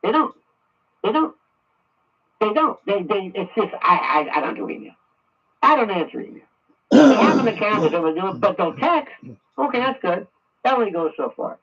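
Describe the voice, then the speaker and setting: A man's voice: high voice, very animated, fairly quick, fairly bright tone, slightly rough, recorded from a distance. A man hosting a political talk radio show, ranting angrily and repeating himself. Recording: muffled radio audio from afar.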